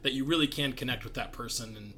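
A man's voice: mid-range voice, quick pace, bright, forceful tone, a little hiss or hum. A man hosting a podcast, talking earnestly and reflectively with frequent laughs. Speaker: podcast host. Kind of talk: casual podcast conversation.

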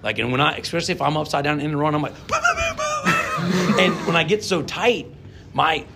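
A man's voice: on the high side, fast talker, vocal fry, heavy background noise. A man hosting a casual podcast as a monster truck driver, rambling with lots of restarts and frequent laughter.

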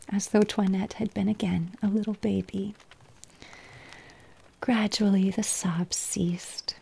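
A woman reading a story aloud in a soft, slow whisper. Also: mid-range voice, gravelly, slightly rough.

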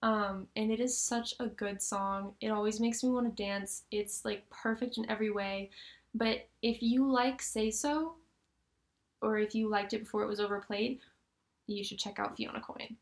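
A woman's voice: mid-range voice, fairly even intonation, normal speed. A young woman co-hosting a casual podcast, chatting enthusiastically with lots of "like" fillers. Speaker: podcast co-host. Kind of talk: casual chat.

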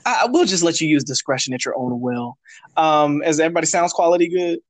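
Fast talking guy hosting a podcast over a call, real hyped and jokey, dry close sound. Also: on the high side, no echo. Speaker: podcast host. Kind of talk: casual group chat on a call. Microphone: online call mic.

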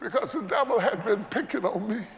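A man preaching a dramatic sermon, building to shouted climaxes and calling out to the congregation. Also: high-pitched, fairly quick, a faint crowd. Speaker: pastor. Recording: live church with organ and congregation.

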